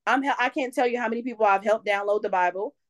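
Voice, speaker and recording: Animated woman sharing faith stories. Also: a little high, fast. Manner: animated storyteller, acts out quotes. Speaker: podcast guest. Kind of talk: casual faith conversation.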